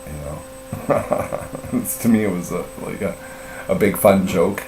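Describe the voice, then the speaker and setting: Over music, a middle-aged man with a deep voice tells a story at an unhurried pace during a casual live stream. He rambles and swears, filling gaps with fillers and self-mocking laughs. The distant mic sounds roomy, with a faint mains hum.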